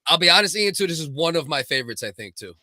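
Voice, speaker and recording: Bright-voiced laughing male podcast host. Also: on the high side, very animated, fast, no echo, clean studio sound. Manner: laughing, "you know what I mean" filler. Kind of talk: casual podcast chat.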